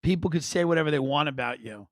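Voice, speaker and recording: A man hosting a podcast, telling comic stories in a rambling, wry, animated way. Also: on the high side, quick pace, dry recording, studio quality. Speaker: podcast host. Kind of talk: comic storytelling monologue.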